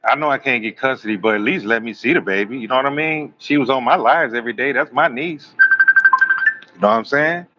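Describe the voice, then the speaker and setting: A man's voice: medium pitch, fairly quick, highs cut off, soft background music. A man, preaching bluntly and swearing on a live stream, acting out both sides of arguments. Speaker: live-stream host and self-styled prophet.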